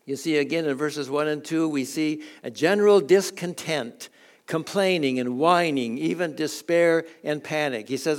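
Older man, preacher, gravelly voice, slightly high pitch, folksy and chuckling, sermon. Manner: folksy, chuckling, halting restarts. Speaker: guest preacher. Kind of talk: sermon with personal stories.

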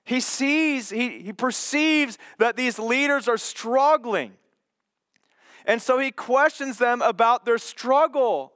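A man's voice: extremely high pitch, takes it slowly, no room sound, clean studio sound. A man preaching a sermon, teaching verse by verse and acting out the doubters' questions with expression. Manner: expressive, voices the skeptics' questions.

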